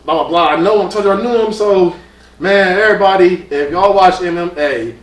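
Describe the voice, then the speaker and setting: A man co-hosting a casual podcast interview in someone's home, excitable, often acting out what others said. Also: high-pitched, fairly quick, distant mic. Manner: excitable, animated, acts out quoted dialogue. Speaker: podcast co-host. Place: guest's home. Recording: roomy echo, off-mic, faint background hum.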